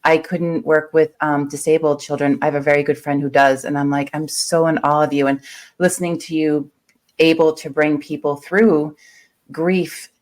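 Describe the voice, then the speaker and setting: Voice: mid-range voice, little pitch movement, moderate pace. Admiring podcast host. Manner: warmly admiring, affirming. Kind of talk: casual interview chat.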